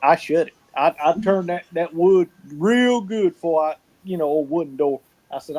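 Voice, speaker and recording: A man spins folksy, profane stories from his childhood. His voice sits high for a man, yet the tone stays dark and mellow. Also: moderate pace, few pauses, rough recording. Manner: colorful folksy storyteller, salty language. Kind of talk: casual storytelling chat.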